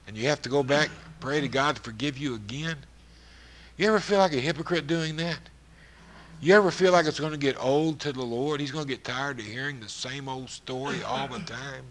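A man's voice: on the high side, slight background noise. Man preaching a fervent sermon. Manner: rising to loud, emphatic passages.

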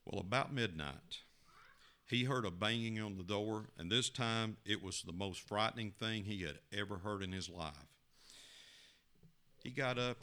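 Folksy male preacher telling a parable. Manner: folksy, expressive storyteller with sudden rises in pitch and volume. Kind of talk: sermon storytelling.

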